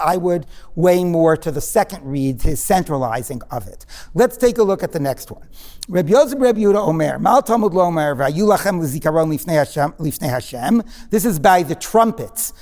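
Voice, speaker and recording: A man's voice: sits high, a little mellow. A man teaching a text-study class, quizzing his students in a conversational way and drifting into digressions. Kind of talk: interactive text-study lecture. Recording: reverberant lecture hall.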